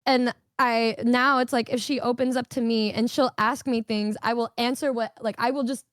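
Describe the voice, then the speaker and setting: A woman's voice: fairly high pitch, fairly even intonation, no room sound, clean studio sound. A woman streamer chatting casually, rambling with lots of fillers and swearing. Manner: rambling, swears a lot, fast filler-heavy talk. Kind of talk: casual chat.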